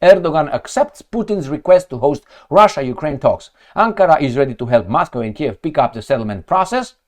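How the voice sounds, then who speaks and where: A man's voice: a little high, animated, brisk. A man who reads news headlines aloud and reacts to them with sarcastic, heated mockery. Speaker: political commentator.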